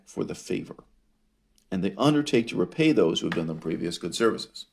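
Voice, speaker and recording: A man's voice: low voice, expressive, a little mellow, slightly rough. A man lecturing on ancient history, reading source passages aloud and commenting on them with wry humor and rhetorical questions. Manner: wry, laughs at his own source readings; rhetorical questions, drawn-out emphasis.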